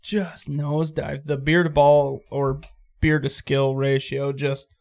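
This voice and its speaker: Higher-voiced easygoing podcast co-host. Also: male voice, level tone, takes it slowly, vocal fry, a little mellow. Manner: easygoing, swearing, story-driven. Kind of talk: casual storytelling in podcast chat.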